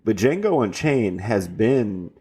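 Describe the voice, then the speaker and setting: A man's voice: fairly low pitch, sing-song, slow, warm tone, slightly rough. A man from Houston co-hosting a podcast, chatting casually and rambling about a film with fillers and restarts. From Houston, Texas. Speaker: podcast co-host. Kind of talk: casual chat.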